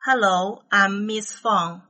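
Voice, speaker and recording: A woman reading numbered items from an English listening test, each phrase slow, carefully spaced and evenly paced. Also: medium pitch, bright, forceful tone, low-quality recording.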